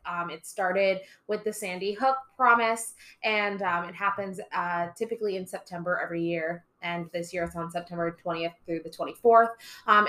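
A young woman who works as a teacher chats casually on a podcast, spinning stories and doing character voices. Her voice is lowish, pushed and bright.

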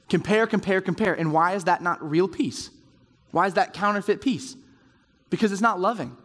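A man with a high voice preaches in a conversational way to a roomful of men at round tables, slipping into quoted inner voices to make his points. His words carry a long hall reverb behind them. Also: moderate pace, fairly bright tone. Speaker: speaker at a men's group. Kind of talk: sermon. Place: large room with round tables.

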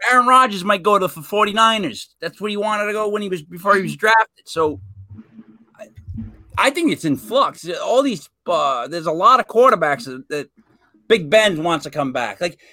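Host type: lively, high, bright-voiced man, loose sports banter, dry room. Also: moderate pace, dry recording. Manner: animated, opinionated, frequent fillers. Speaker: podcast co-host. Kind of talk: casual sports chat.

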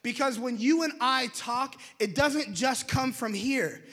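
A young man preaching a sermon in an animated, conversational way, in a large church hall. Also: very high voice, measured pace. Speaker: pastor. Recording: long hall reverb.

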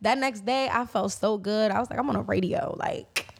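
A young woman from New Jersey, a musician guest chatting casually in an interview. She tells animated stories with plenty of swearing and jumps into loud, high reactions. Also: normal speed, vocal fry.

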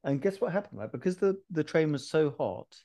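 A man hosting a podcast, telling stories in a casual, animated way and laughing often. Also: a little high, fairly quick, creaky. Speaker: podcast host. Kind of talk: casual chat.

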